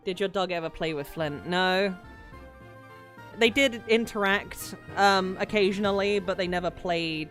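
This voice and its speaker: A woman's voice: medium pitch, measured pace, fairly bright tone, faint music behind. A woman chatting casually on a live gaming stream from her home studio, swearing now and then. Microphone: studio microphone.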